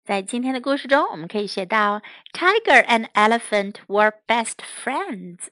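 A woman reading a children's story aloud line by line, translating each line, gentle and clear, as storyteller and English teacher. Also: on the high side, big pitch swings, normal speed, dry recording.

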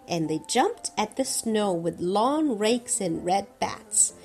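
A woman's voice: mid-range voice, faint music behind. A woman reading a children's storybook aloud to her child, stopping to explain parts of it along the way. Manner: slow, lively reading with explanations in between. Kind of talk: bilingual storybook read-aloud.

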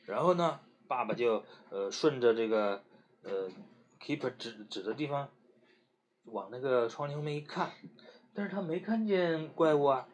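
A man reading a bedtime story to a child, slow and gentle with lots of hesitant fillers. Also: medium pitch, lively intonation.

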